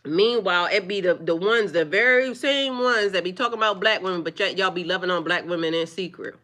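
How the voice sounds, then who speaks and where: A woman talking live to her viewers, firmly scolding trolls in a preachy, drawn-out way. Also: lowish voice, bright, forceful tone. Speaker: livestreamer. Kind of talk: live-stream chat with viewers.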